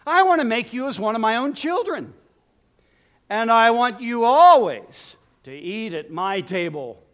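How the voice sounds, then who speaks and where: Male preacher doing a generous king; earnest, emphatic, highish. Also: sing-song, a little slow, fairly bright tone, full character voice. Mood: tender. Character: kind generous king, grown man, warm-hearted.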